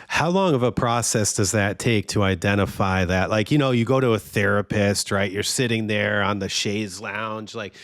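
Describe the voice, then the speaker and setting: A man hosting a podcast interview, asking relaxed, casual questions full of filler words. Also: on the low side, normal speed, hardly any pauses, dry recording, clean studio sound. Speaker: podcast host.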